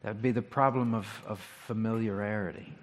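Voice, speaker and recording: A pastor giving a sermon, talking in a conversational, reflective way with rhetorical questions. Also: male voice, fairly low pitch, fairly even intonation, a little fast. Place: church sanctuary. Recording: long hall reverb.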